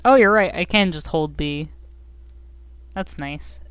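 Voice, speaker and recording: Give me a giggly, slow-talking woman streamer. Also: deep voice, fairly bright tone, clean tone. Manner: giggly, self-mocking, rambling. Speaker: game streamer. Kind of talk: casual live-stream chat.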